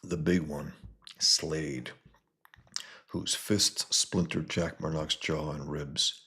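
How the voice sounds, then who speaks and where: A man casually reviewing a comic book, reading its panels and sound effects aloud between relaxed comments. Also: slow pace. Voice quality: very deep, gravelly and husky.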